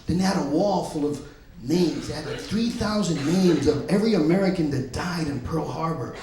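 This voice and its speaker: A male stand-up comedian telling stories in a loud, punchy way on a club stage. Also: on the high side, moderate pace. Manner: loud, punchy storytelling, often laughing. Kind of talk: stand-up set. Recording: echoey club room.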